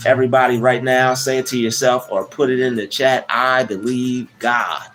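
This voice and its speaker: A man chatting loosely on a livestream, his voice sitting at an ordinary middle pitch. He restarts sentences often and sprinkles in slang fillers. Soft music plays quietly behind him. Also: flat delivery, fairly quick. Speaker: livestream host. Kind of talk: casual livestream chat. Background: soft background music.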